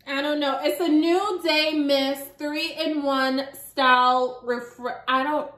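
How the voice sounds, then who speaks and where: A woman's voice: high voice, fairly even intonation, takes it slowly, fairly bright tone, roomy sound. A young adult woman chatting casually to her viewers as she unboxes beauty products, giggling often. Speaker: beauty vlogger.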